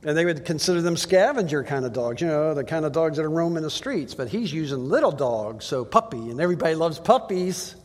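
A man gives a Bible teaching in an easy, conversational way. He reads passages aloud and keeps asking his listeners rhetorical questions. His voice sits a little high, and it carries a long reverb as if he is speaking in a large hall. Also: animated, fairly quick, hardly any pauses.

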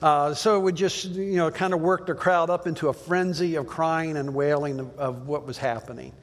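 Male pastor, relaxed conversational sermon, plainspoken storyteller, long hall reverb. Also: on the high side, moderate pace.

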